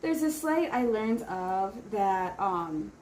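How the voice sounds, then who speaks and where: A woman's voice: medium pitch, expressive, slow pace, heavy background noise. A woman in her thirties chatting casually on a vlog while eating, rambling with lots of filler words. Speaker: vlogger. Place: home in Seoul.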